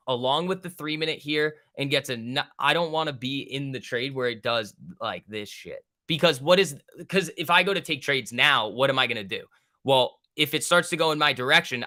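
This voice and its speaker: A young man with a bright, forceful voice runs casual live market commentary on a trading stream. He talks in loose bro slang, swears freely and banters with his chat as he reads the charts. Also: mid-range voice. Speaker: stock trading livestream host.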